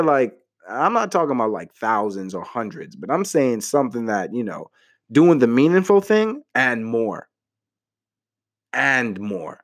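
Animated young man giving playful advice. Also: moderate pace. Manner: animated, playful, slangy, jumps up in pitch for mock outrage. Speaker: vlogger giving relationship advice. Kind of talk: casual talk to camera.

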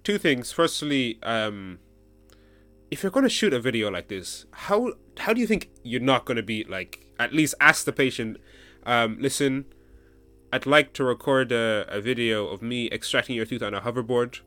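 A man's voice: medium pitch, expressive, normal speed, sharp tone, dry recording. A man hosting a casual podcast chat, reading out a news story and insisting his friends listen. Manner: reads news articles aloud to friends. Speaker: podcast host.

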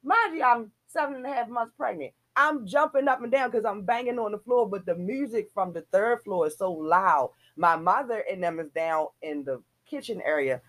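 A woman co-hosting a casual chat, telling an animated story and swearing freely. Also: medium pitch, normal speed, few pauses. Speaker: podcast co-host.

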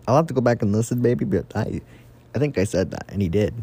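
A young man giving casual solo fantasy football commentary, excitable and rambling, swearing often. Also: on the low side, quick pace, breathy edge.

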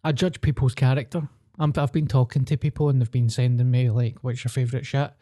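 A young Scottish man co-hosting a podcast, chatting eagerly about films. His tone is dark and mellow, and he keeps slipping friendly "mate"s into his casual talk. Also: mid-range voice, steady tone, a little fast. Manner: enthusiastic, says "mate" constantly. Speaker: podcast co-host. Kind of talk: casual chat.

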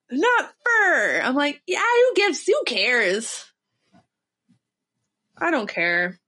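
A woman co-hosting a podcast, chatting in a playful, joking way with quick asides. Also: medium pitch, fairly bright tone. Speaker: podcast co-host. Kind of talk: casual chat.

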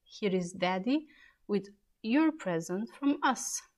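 Woman reading a gentle mother, coaxing and motherly, unhurried, storybook reading. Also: medium pitch, expressive. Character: kind, gentle mother of a young boy.

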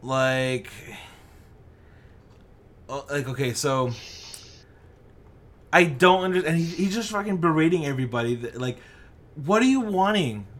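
A man's voice: medium pitch, expressive, measured pace, pauses often, a bit bright. A man in casual chat, telling a story with lots of swearing and mimicked voices.

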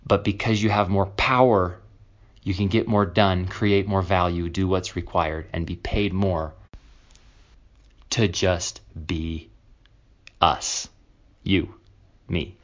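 Brief: low-pitched man, confessional podcast host, dull lo-fi sound. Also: fairly even intonation, takes it slowly, long pauses. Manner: candid, confessional, rambling, emphatic. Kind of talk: casual solo podcast monologue.

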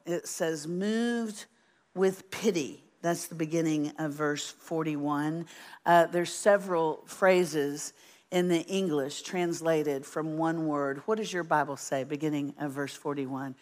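A woman preaching a sermon in an animated, folksy way, asking the congregation questions. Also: low-pitched. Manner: animated, folksy, asks the audience. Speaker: Bible teacher.

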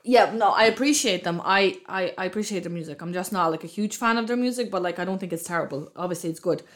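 A woman's voice: on the low side, quick pace. Blunt woman, Russian speaker. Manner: blunt, swears, laughs easily. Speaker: podcast co-host. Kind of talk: casual chat.

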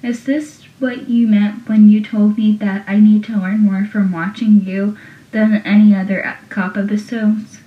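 A woman's voice: medium pitch, a little slow, close to an everyday voice. A young woman reading the lines of a sarcastic teenage boy in her own casual voice. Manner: sarcastic, read flatly. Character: wisecracking teenage boy deputy. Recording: dull, roomy, from a distance.

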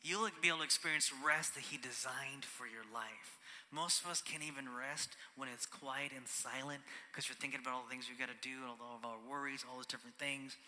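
Man preaching with a bright, ringing voice. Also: medium pitch, steady tone, fairly quick. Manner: conversational preaching, often ends on "right?", drops to a whisper for emphasis. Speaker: pastor. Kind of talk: sermon. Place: large church hall. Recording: church hall with long reverb.

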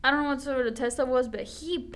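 A young woman co-hosting a podcast, chatting casually and telling stories in an animated way with lots of "like". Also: high-pitched, racing. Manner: animated storyteller, says "like" often. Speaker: podcast co-host. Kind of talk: casual chat.

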